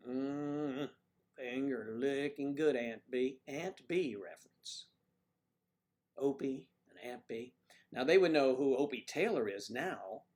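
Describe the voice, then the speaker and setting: A Mid-Atlantic U.S. man with no marked accent hosts a casual livestream in a medium-pitched, slightly mellow voice. He wanders through folksy chatter and answers comments from viewers.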